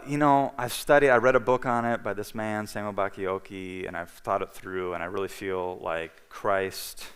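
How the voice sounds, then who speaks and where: Low-voiced man telling a story in a reverberant hall. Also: a bit bright, clean tone. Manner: storytelling, acting out dialogue, frequent "okay?" and "you know". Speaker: guest speaker. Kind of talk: personal testimony in a sermon. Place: church hall. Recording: livestream with long hall reverb.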